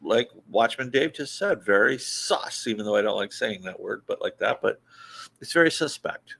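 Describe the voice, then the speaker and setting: Lively, bright-voiced man hosting a podcast. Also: on the low side, normal speed, creaky. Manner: laughing, animated banter. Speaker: podcast host. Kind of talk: casual live podcast chat.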